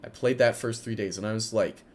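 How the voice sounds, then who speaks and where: A man in his twenties telling a rambling story while commenting on his own gameplay, chatty and excitable, breaking off to react loudly. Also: fairly low pitch, fairly quick, slight background noise. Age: 20s. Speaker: gaming video creator.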